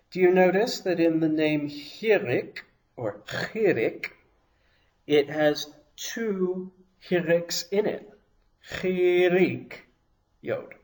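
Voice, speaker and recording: A man teaching a language lesson, explaining each sound patiently and pronouncing examples slowly and carefully. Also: a little high, darkish tone.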